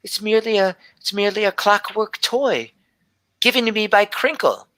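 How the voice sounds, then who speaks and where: Man doing a curious young girl for a tabletop game, stammering, voice up high, dry sound. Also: moderate pace, pushed and bright, no room sound. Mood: excited. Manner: stammering, breathless, repeats words. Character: curious dreamy little human girl, about seven.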